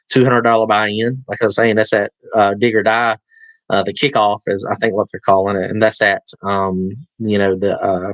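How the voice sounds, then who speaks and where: A man's voice: on the low side, fairly bright tone, no echo, rough recording. A man with a Southern US accent hosting a casual live stream, rambling through fillers and restarts while answering viewer comments. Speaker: livestream host. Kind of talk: casual livestream chat.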